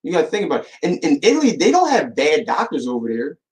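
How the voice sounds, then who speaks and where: A man hosting a podcast in a casual monologue, talking in street slang, animated, with lots of restarts and repeated words. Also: on the high side, quick pace, low-quality recording. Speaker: podcast host.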